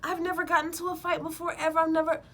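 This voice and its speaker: Woman mimicking a high-pitched protesting viewer. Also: level tone, racing, fairly bright tone. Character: flustered viewer insisting she never fights.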